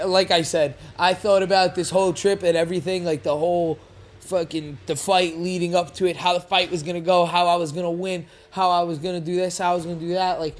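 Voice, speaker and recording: A young man spins a wild story in a loose podcast chat, rambling and cursing as he goes. His voice sits a bit high for a man and moves quickly. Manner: animated, profane, rambling. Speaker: podcast guest, fighter.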